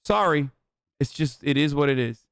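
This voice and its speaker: A man's voice: a little high, expressive, normal speed, fairly bright tone, smooth, no echo, studio quality. A man in his thirties doing casual livestream commentary, blunt and profane in an opinionated rant. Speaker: streamer reacting to videos.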